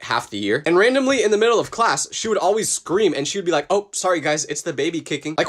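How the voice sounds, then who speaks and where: A young man telling funny personal stories in a comedic, exaggerated way, acting out the people he quotes. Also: a little high. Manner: animated, exaggerated outbursts and voiced quotes. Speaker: storytelling creator. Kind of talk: comedic storytelling.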